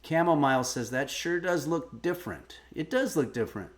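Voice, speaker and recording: A man's voice: a little high, animated, normal speed. A man hosting a live-stream cooking lesson, chatting casually, frank and self-mocking, swearing now and then.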